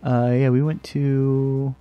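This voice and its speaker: A man hosting a let's play, rambling and joking at himself, often jumping into a high sing-song voice. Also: level tone, takes it slowly, lo-fi sound. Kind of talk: casual gameplay commentary. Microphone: desk microphone.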